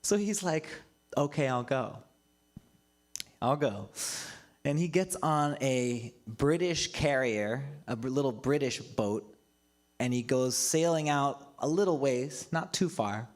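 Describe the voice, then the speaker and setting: A man preaching a casual, storytelling sermon as a pastor, often breaking into laughter between remarks. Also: medium pitch. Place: church livestream.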